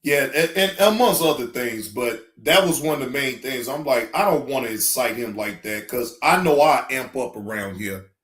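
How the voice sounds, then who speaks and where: A man in his fifties speaking AAVE, ranting loudly on a livestream and then chatting and laughing, heard in an echoey room. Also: medium pitch, expressive, normal speed. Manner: loud preachy ranting, then laughing and joking. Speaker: reaction streamer. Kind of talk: livestream rant and casual chat.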